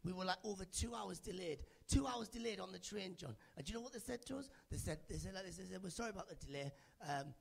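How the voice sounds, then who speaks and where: On a club stage, a male stand-up comedian does crowd work, chattily teasing audience members by name. He talks quickly with few pauses into a handheld stage mic, his high voice carrying a gravelly, husky grain and a darkish tone.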